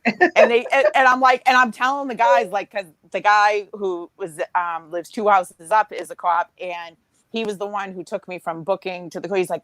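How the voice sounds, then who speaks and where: A woman telling a story in casual chat, acting out what others said, in a lively storytelling way. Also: mid-range voice, normal speed, noisy background. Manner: animated storyteller, acts out quotes.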